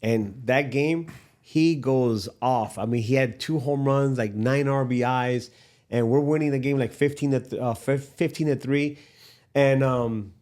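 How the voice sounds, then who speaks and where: Lively middle-aged man telling a story. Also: mid-range voice. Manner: animated, acts out quoted dialogue, laughs often. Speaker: podcast guest, father of a ballplayer. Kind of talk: casual storytelling.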